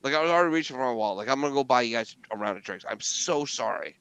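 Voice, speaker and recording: A middle-aged man hosting a podcast, telling stories in casual, profane, animated chat. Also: mid-range voice, very fast, clear, resonant tone, no room sound. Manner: animated storytelling with profanity and laughter. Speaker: podcast host.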